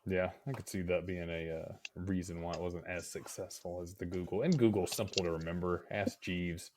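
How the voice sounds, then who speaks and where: A man's voice: deep voice, fairly even intonation, normal speed, darkish tone, a little hiss or hum. A man in his thirties co-hosting a podcast, chatting in an agreeable, reflective way. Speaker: podcast co-host. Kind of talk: casual chat.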